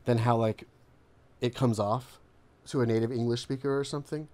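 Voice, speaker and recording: A man's voice: mid-range voice, steady tone, normal speed, darkish tone. A man in casual chat as a co-host reviewing a game, rambling with lots of fillers and laughing easily.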